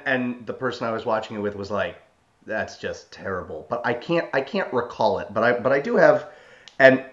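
A young man co-hosting a podcast, speaking haltingly with fillers and repeated starts. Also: mid-range voice, fairly bright tone, dull audio. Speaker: podcast co-host. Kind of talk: casual chat.

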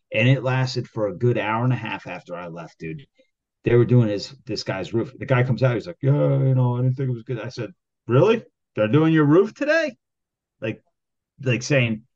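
A man co-hosting a podcast who tells a rambling work story full of swearing, getting worked up and loudly acting out his own arguments. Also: mid-range voice, moderate pace. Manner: heated, rambling, swears constantly, acts out quoted arguments loudly. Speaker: podcast co-host. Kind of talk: casual profane storytelling. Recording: dull lo-fi sound.

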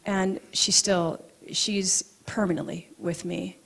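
A woman who practises acupuncture gives a talk, telling a personal story in a lively, animated way. She laughs easily and sometimes drops to a soft, hushed tone for emphasis. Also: fairly low pitch, slow pace, creaky.

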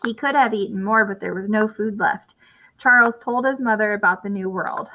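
A woman's voice: mid-range voice, moderate pace, bright, forceful tone, poor audio. Woman reading a children's story aloud. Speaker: storybook reader.

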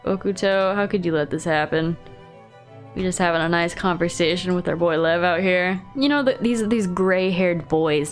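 A woman's voice: medium pitch, brisk. Playful woman narrating her game. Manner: playful, teasing, chatty with characters. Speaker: gaming video host. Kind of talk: casual let's-play commentary. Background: faint classical music.

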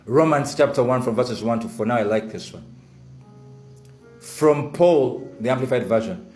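A man's voice: medium pitch, normal speed, long pauses, echoey room, rough recording. A man preaching a sermon as pastor, asking his congregation questions and drawing replies. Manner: lively, call-and-response with the congregation. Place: church.

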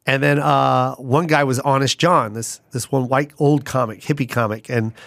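A middle-aged man, a guest comedian, telling stories in a lively way and slipping into character voices. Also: mid-range voice, normal speed, creaky, no room sound, clean studio sound. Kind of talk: conversational storytelling.

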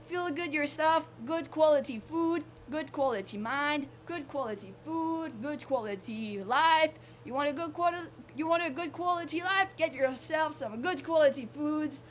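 A young woman from Canada vlogging casually, repeating herself and gushing with excitement. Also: sits high, slight background noise. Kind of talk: casual vlog monologue.

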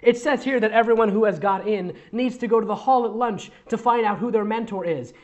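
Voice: mid-range voice, fairly quick, darkish tone, muffled recording. A fanfic reader giving a mocking comedic reading, breaking off for sarcastic asides and frequent laughter.

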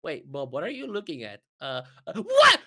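A man's voice: mid-range voice, very animated, a little fast, vocal fry. A man reacting in a scripted gaming video, panicky, jumpy and full of exclamations.

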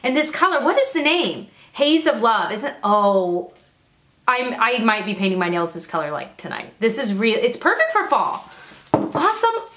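A woman vlogging as she opens mail, gushing and excitable and laughing often; she works as a teacher. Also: on the high side, moderate pace. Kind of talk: casual unboxing chat. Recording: echoey room, faint noise.

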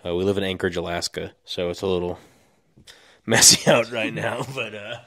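A man's voice: low-pitched, moderate pace, sharp tone, no room sound, studio quality. A young man co-hosting a podcast, talking casually, laid-back, swearing a lot and laughing often. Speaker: podcast co-host. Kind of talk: casual chat.

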